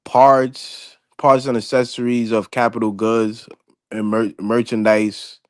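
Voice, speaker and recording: A man's voice: medium pitch, flat delivery, takes it slowly, clear, resonant tone. A man from Jamaica arguing on a video call, pressing the same questions over and over and stumbling over his words. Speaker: guest debater. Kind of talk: heated online debate.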